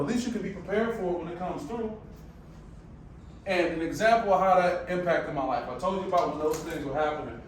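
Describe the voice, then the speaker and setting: Animated man speaking in an echoey hall. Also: high-pitched, slight background noise. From United States. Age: 40s. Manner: animated, conversational, quotes people in voices. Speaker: sport psychology speaker. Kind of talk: conference presentation. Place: large presentation room. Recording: echoey room, mic at a distance.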